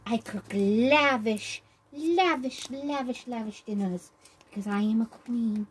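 A woman's voice: a little high, slight background noise, rough recording. A woman voicing a vain, bossy doll queen. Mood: haughty. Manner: haughty, showy, drawn-out emphasis. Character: vain, bossy girl doll hostess calling herself queen. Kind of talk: doll play role-play.

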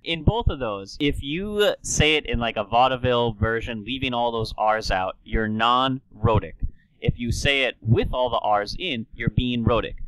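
A man hosting a podcast, explaining in an enthusiastic, lecturing tone. His voice is bright and forward, recorded close on a studio mic with a dry sound. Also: medium pitch, moderate pace, clean tone, no room sound, poor audio. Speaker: podcast host.

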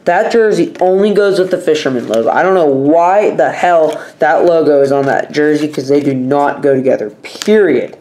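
A man's voice: fairly high pitch, moderate pace, hardly any pauses, a little mellow. Opinionated young male vlogger, rambling casually. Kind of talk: casual vlog chat.

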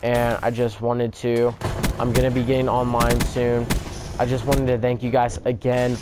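His medium-pitched voice is monotone and moderately paced. The young man shares a rambling story-time vlog over gameplay, swearing freely and leaning on "like," with the game's gunfire audible behind him.

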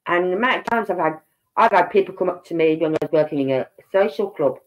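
A woman's voice: fairly low pitch, lively intonation, fast. A woman with a Birmingham accent, chatting casually to a live audience and acting out the voices of people in her stories. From Birmingham, England. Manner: chatty storyteller who acts out quoted voices. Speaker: livestream host. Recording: dull lo-fi stream audio.

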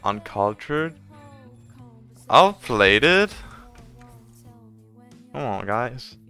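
A young man streaming games live, chatting casually, swearing a lot and reacting loudly to what happens on screen. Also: mid-range voice, very slow, creaky, clear, resonant tone, soft background music. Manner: excitable, profane, laughing, reacting loudly to the game.

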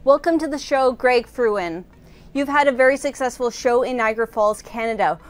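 A woman's voice: a little high, brisk, soft background music. A woman hosting an interview show, reading a polished introduction and prepared questions. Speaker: talk show host.

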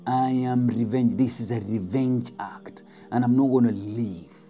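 Man doing a vengeful jinn spirit, dark low tone, cold, insistent, defiant. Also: fairly even intonation, a little slow, faint music behind, natural voice. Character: vengeful male jinn speaking through a boy.

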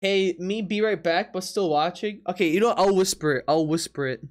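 A man's voice: sits high, fairly quick. A man streaming live from his apartment, chatting casually with viewers, laughing often and reacting in disbelief while teasing his chat.

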